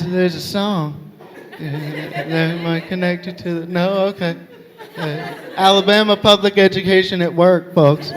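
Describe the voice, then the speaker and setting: A man doing a stand-up set, telling profane, animated stories with loud comic outbursts, recorded live at a venue with an audience. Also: high-pitched. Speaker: stand-up comedian. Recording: live hall reverb, crowd laughter.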